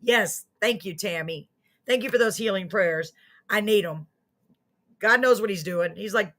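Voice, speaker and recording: A woman hosts a casual live online show, chatting with viewers in a friendly, self-mocking way. Her voice is medium-pitched and fairly bright, and she takes her time.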